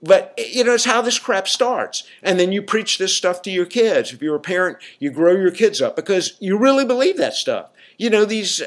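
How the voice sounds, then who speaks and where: A man's voice: high voice, sing-song, moderate pace, hardly any pauses. Rambling Southern man talking to listeners. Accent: Southern American. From Southern United States. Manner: rambling, colloquial, talks to listeners with frequent "right?". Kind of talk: casual monologue.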